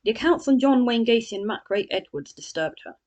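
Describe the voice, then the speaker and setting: A woman's voice: a little high, expressive, brisk, a little mellow, dull audio. A woman gives a chatty, sarcastic spoken review of a book, full of scornful asides.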